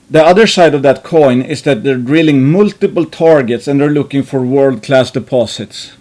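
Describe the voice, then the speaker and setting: A man who runs an investing channel thinks out loud in a rambling way, frequently restarting, using lots of fillers and swearing casually now and then. His voice is fairly high-pitched and a little mellow.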